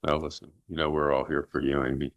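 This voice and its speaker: A man's voice: rumbling low, flat delivery, fast talker, no echo, narrow, tinny audio. A man leading a recovery support group over a video call, reassuring and easygoing. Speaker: group facilitator.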